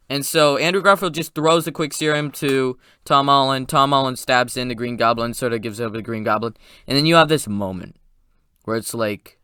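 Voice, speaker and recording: Bright, excited young-sounding male reviewer. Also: medium pitch, smooth, no room sound, studio quality. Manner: excited, rambling retelling with quick asides. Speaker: movie reviewer. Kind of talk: casual spoiler review recap.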